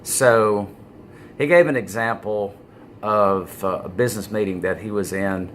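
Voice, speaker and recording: Male vlogger, low voice, unhurried, filler-heavy delivery, faint room noise. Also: a bit bright. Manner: halting, many "uh" fillers, stresses key words. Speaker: business vlogger. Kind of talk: casual talking-head monologue.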